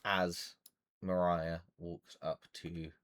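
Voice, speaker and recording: A man's voice: low-pitched, little pitch movement, slow pace. A man narrating as game master for a tabletop game, rambling with many fillers.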